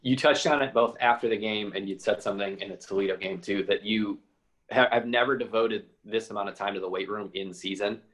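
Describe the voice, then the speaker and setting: A man's voice: lowish voice, fairly quick, a bit bright. A man, a reporter, asking a coach a question at a press conference, heard from a distance.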